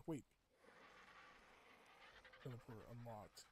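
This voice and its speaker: A man chatting casually with viewers while playing a game, rambling and breaking into excited outbursts. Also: a little high, unhurried, pauses often, a little hiss or hum. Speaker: game streamer. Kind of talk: casual gameplay chat with viewers.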